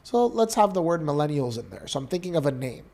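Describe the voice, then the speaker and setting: He's a fast talker with a voice on the high side: a Canadian man in his thirties, co-hosting a podcast and telling an emotional story from his own life in an earnest, animated manner.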